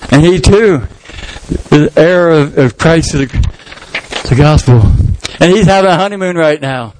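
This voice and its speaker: Male pastor, high-pitched, animated sermon delivery with acted-out characters. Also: measured pace, a little hiss or hum, rough recording. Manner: animated storytelling, acting out the congregation in voices. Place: church sanctuary.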